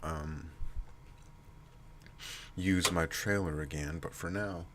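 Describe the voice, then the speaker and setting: A man with a nasal, stuffy voice and heavy breathing, rambling casually to his channel with many pauses and restarts. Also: deep voice, fairly even intonation, background noise. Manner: halting, many fillers and restarts. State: stuffy from allergies. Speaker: channel host.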